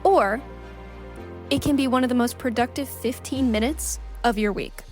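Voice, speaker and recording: A young woman hosting her own podcast in casual chat, playful, with sing-song rises and quick asides. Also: on the high side, darkish tone, faint music behind. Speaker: podcast host.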